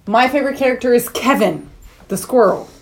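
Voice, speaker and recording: A woman's voice: fairly high pitch, a little fast, darkish tone. A woman hosting a casual movie review podcast, talking frankly, swearing now and then and laughing often. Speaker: podcast host.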